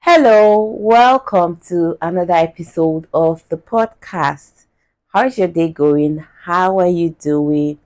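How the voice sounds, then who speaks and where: Nigerian accent, woman, podcast host, indignant, emphatic, deep voice. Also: darkish tone. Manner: indignant, emphatic, drawn-out repetition. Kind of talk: casual podcast monologue, reading a post aloud.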